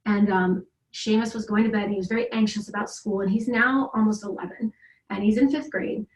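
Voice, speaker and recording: A woman's voice: medium pitch, steady tone, fairly quick. A middle-aged woman tells a long family story in a loose, rambling way and keeps restarting her sentences. Her voice sits mid-range, and the room adds a noticeable echo. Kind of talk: casual conversation. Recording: roomy echo.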